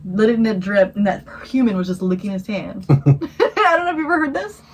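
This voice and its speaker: A woman co-hosting a podcast, telling a campfire scary story in a rambling, animated way and acting out the voices. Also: mid-range voice, a little fast, rough recording. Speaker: podcast co-host. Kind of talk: casual storytelling chat.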